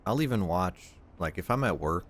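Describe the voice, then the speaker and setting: Low-voiced man rambling casually. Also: lively intonation, normal speed. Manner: rambling, repeats words, quotes family in voices. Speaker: streamer. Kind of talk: casual chat.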